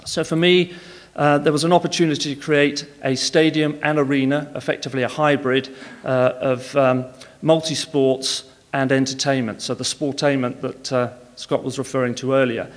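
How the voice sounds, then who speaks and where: A man's voice: mid-range voice, level tone, normal speed, long reverb tail. A man speaking at a conference, telling frank, wry business anecdotes.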